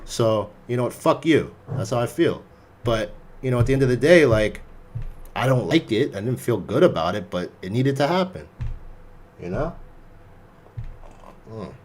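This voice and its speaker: Young man, podcast host, casual profane storytelling, animated, mid-pitched. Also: normal speed, long pauses, background noise.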